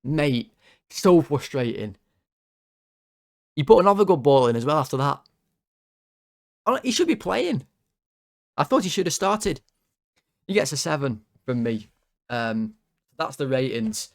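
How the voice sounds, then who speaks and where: A man's voice: expressive, measured pace, long pauses. Fuming, ranting young man. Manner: frustrated, ranting, swears, voice jumps high when worked up. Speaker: football fan channel host. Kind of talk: player ratings rant to camera.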